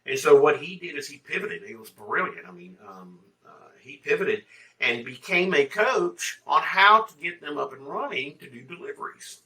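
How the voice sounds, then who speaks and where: Emphatic man from Mississippi, very bright tone, slightly distant from the mic. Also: a little high, expressive, moderate pace. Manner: emphatic, rising to loud bursts. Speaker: guest, agency mentor. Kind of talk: interview answers.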